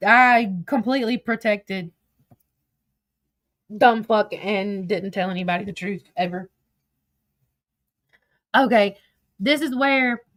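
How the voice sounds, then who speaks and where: A woman's voice: medium pitch, fairly bright tone, no echo. A woman streaming casual commentary, reading text messages aloud in a profane, gossipy way and laughing often. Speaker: social media streamer.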